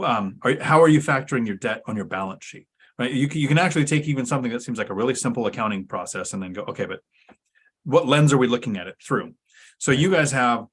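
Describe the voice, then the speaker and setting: Husky-voiced man explaining with emphasis. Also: mid-range voice, fairly bright tone. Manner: emphatic, teacherly, sarcastic asides. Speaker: podcast co-host. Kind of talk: casual explanatory chat.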